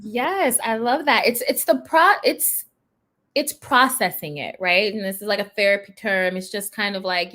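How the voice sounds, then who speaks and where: A woman's voice: mid-range voice, moderate pace, a bit bright. A woman therapist speaking to teen girls in a panel discussion, emphatic and encouraging.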